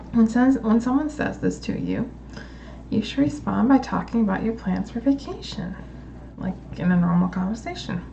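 A woman reading her study notes aloud and explaining them slowly, in a study-with-me video. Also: a little high, big pitch swings, creaky, warm tone, a little hiss or hum, poor audio. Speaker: language learner studying on camera.

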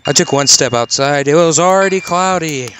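A man's voice: a little high, normal speed, fairly bright tone, slight background noise. Swearing young man telling a story. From Kansas, United States. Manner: swears often, laughs while telling, quotes others in his own voice. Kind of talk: casual spoken campfire story.

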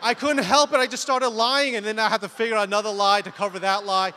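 Lively high-voiced man onstage in a big hall. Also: fast talker, a little hiss or hum. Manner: animated, acts out scenes, laughs at himself. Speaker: speaker at a photography conference. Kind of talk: comic storytelling talk. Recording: reverberant conference hall.

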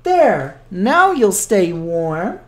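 A gentle, kind-hearted snowman from a picture book speaks in a soft, wistful way, voiced by a man reading aloud. His words come slowly and evenly, with an easy, unhurried calm. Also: sits high, roomy sound, full character voice.

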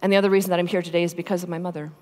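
A Catholic religious sister giving a personal testimony talk to a live conference audience, speaking in an earnest, conversational way that grows emphatic on heartfelt points. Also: female voice, on the low side, little pitch movement, very fast, a little mellow. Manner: earnest, conversational storytelling with frequent "right?" and "you know". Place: large conference hall. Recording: echoey hall sound.

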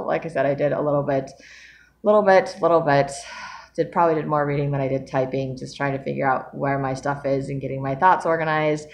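A woman with a low, deep voice talks through her writing struggles in a casual, rambling vlog. She is tired from lack of sleep, fills her pauses with ums and soft laughs, and a faint background hum sits under her voice. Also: creaky. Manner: rambling, laughs often, many ums and self-talk. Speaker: author vlogging about her writing.

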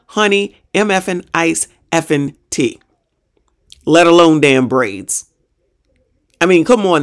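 A woman hosting a reaction show, ranting in a sassy, exasperated way with mild profanity. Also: fairly low pitch. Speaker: reaction channel host. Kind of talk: reaction commentary.

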